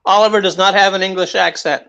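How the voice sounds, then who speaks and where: A man chatting on a live stream, halting and self-deprecating. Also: high voice, steady tone, creaky, sharp tone, clear, resonant tone, dull audio. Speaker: guest. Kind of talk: casual live-stream chat.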